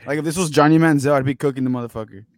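A man's voice: fairly high pitch, rapid-fire, no echo, clean studio sound. A man co-hosting a casual sports podcast, ranting with heavy swearing and trailing off into mutters. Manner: profane, ranting, drops to mutters. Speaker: podcast co-host.

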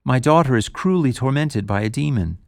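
A man's voice: mid-range voice, animated, a little fast, gravelly, no echo, studio quality, pitched above the performer's own voice. A man reading scripture aloud, voicing the pleas of a desperate mother. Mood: pleading. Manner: pleading. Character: desperate pleading mother, a woman.

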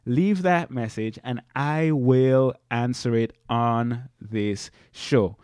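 A man's voice: mid-range voice, slow, darkish tone, clean tone, dry recording. A man hosting his own podcast from a small home office studio, chatty, laughing often and repeating himself. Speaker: podcast host. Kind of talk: casual solo podcast talk.

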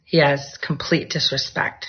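A woman vlogs from home in a casual, rambling way, hopping between topics as they come to her. Her voice sits low and a bit husky. The recording sounds dull and lo-fi. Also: level tone, measured pace. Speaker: vlogger. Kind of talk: casual chat to viewers. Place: at home, near a bedroom studio.

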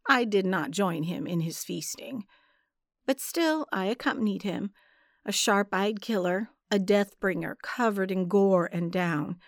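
Woman narrator, audiobook read, slow and measured, dry close sound. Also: medium pitch, no echo. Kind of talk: scripted story narration.

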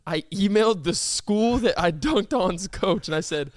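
A young man hosting a casual podcast, telling stories in an animated way and teasing his guest in loud, disbelieving bursts. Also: sits high, unhurried, no room sound, clean studio sound. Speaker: podcast host. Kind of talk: casual chat.

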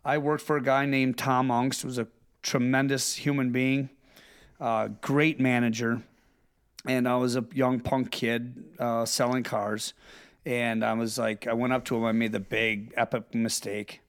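A middle-aged man talking bluntly in a casual chat, telling stories with swearing and quick impressions of other people. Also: mid-range voice, clean tone. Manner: blunt, profane storytelling with lively impressions.

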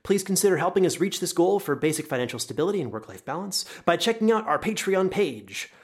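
A man with an Irish accent delivers a scripted announcement at a quick clip. His voice sits a little high for a man, and his manner is upbeat and businesslike. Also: sing-song. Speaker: podcast producer.

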